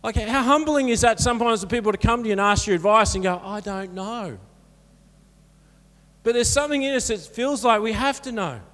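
A man's voice: extremely high pitch, fast talker, hardly any pauses, fairly bright tone. A man preaching a sermon as pastor, earnest and encouraging in a conversational way. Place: church hall. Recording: church hall reverb.

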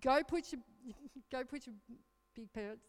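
A woman's voice: high voice, slow pace. A woman voicing her blunt, practical adult son, a tradesman. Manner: blunt, matter-of-fact. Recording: reverberant hall.

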